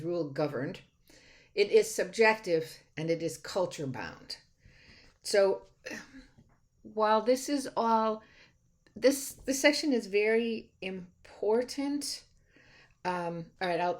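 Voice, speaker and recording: Chatty lecturing woman, slightly low voice. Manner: chatty and enthusiastic, with frequent restarts. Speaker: college instructor. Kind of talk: recorded lecture.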